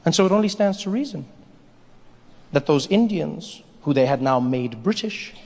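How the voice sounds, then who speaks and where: A man performing a stand-up comedy set at a large live venue, playful and animated. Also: a little high, normal speed, gravelly. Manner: animated, playful, slips into voices. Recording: echoey hall, crowd laughter.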